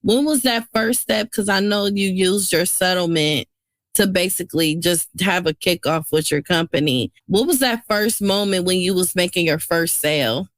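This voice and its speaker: A woman hosts a podcast interview, responding earnestly and affirming her guest. Her voice sits on the low side. The sound is dry and close. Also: normal speed, dry recording. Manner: earnest, affirming, speaks of faith. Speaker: podcast host. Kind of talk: casual interview.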